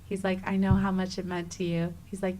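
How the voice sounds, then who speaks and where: A woman in her thirties, a guest on an interview show, telling a personal story with lively energy and acting out the dialogue. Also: medium pitch, a little fast, slight background noise, low-quality recording. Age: 30s. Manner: animated, acts out quoted dialogue with many "like"s. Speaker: guest, travel writer.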